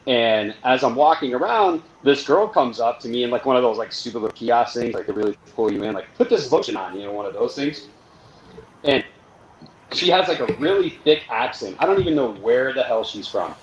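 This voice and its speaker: A man's voice: medium pitch, lively intonation, fairly quick, lo-fi sound. A man, co-host of the show, telling a funny story in casual chat and acting out both sides of it. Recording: echoey room with faint noise.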